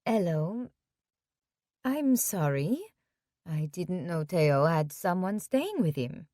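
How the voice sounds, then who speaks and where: A woman's voice: fairly low pitch, sing-song, takes it slowly, dark tone, no echo, clean studio sound. A woman voicing a polite, emotional middle-aged French mother who speaks formal English with a French accent.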